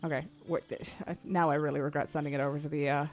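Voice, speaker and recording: A woman's voice: low voice, flat delivery, quick pace. A woman streaming a video game, chatting casually, swearing and laughing easily. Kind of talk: casual gameplay commentary. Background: faint game music.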